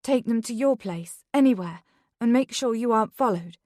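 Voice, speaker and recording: A woman voicing a frantic young mother, urgent and pleading, her voice climbing high. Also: expressive, moderate pace, dark tone, no echo, studio quality, close to an everyday voice.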